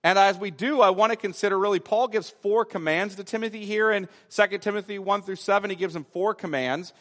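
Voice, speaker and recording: Pastor guy preaching, fairly high voice, repeats stuff for emphasis, big echoey church. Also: a bit bright. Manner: expository preaching, emphatic repetition, slows to stress key words. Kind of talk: sermon. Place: church sanctuary.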